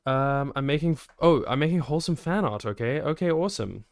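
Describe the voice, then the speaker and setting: A man's voice: fairly high pitch, expressive, brisk, no room sound, clean studio sound. A man streaming a building game live, chatty and joking as he reacts to viewer messages. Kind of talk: live gameplay stream, answering chat.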